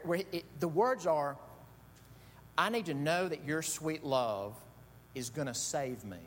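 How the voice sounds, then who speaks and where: A middle-aged man preaching a sermon, telling stories with animated delivery that swings from quiet asides to loud shouts. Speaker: pastor. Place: church sanctuary. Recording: echoey hall with faint rumble.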